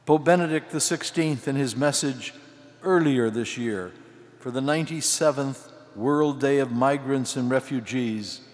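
Slow-preaching older man in cathedral reverb. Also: mid-range voice. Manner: slow, measured delivery in short phrases. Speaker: archbishop preaching. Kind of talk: sermon. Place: large cathedral.

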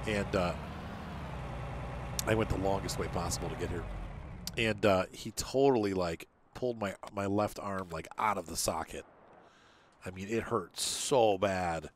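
A man's voice: low voice, unhurried, long pauses, a little hiss or hum. A man casually commenting on his farming game as he plays, rambling and chatty, with lots of fillers. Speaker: gaming channel host.

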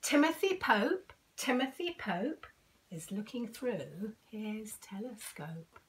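Give me an older woman reading a picture book to kids, slow with lots of swoops in pitch. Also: animated. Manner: sing-song, dramatic whispers. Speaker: storyteller. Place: at home.

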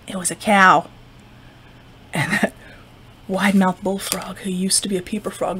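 A woman librarian telling a folktale to children, expressive, with whispers and sound effects. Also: mid-range voice, unhurried, long pauses, breathy edge. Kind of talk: children's storytime narration.

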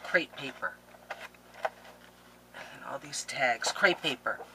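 Low-voiced, gushing woman vlogger. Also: animated, moderate pace, pushed and bright, a little hiss or hum, poor audio. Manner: gushing, playfully melodramatic. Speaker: scrapbooking vlogger. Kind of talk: casual unboxing vlog.

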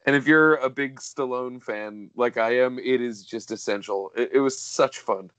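A man's voice: mid-range voice, moderate pace, a bit bright, clean tone, no room sound. A male podcast co-host on a video call, chatting casually with enthusiasm and jokes. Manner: enthusiastic, jokey, slips into impressions. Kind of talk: casual chat.

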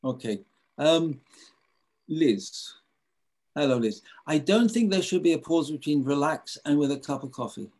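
With a slightly high, darkish voice, this man teaches a live webinar at an unhurried, expressive pace. He's enthusiastic on the video call, full of filler words and false starts.

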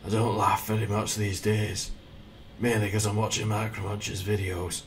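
A man doing a gloomy, deadpan impression of a brooding young northern swordsman. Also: fairly low pitch, normal speed, recorded from a distance, close to an everyday voice.

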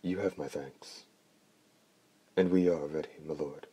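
A man's voice: a bass voice, fairly even intonation, unhurried, mellow, slightly rough, heavily acted. A man voicing a bitter, mutilated old male steward who speaks in a formal, polite way.

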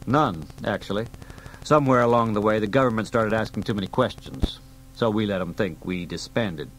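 A man's voice: on the low side, brisk, a little hiss or hum, natural voice. A man voicing a seasoned male secret agent who explains things in a dry, matter-of-fact way.

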